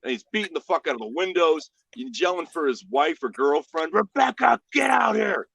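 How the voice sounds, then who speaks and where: A man hosting a casual livestream, telling stories in a profane, animated way. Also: a little high, a little fast, no echo. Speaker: livestream host. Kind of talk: casual chat.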